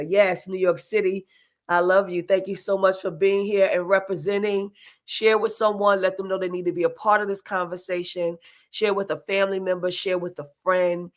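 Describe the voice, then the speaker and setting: A woman's voice: mid-range voice, a bit bright. A woman host and moderator opening a livestream, energetically calling out viewers' towns and welcoming them.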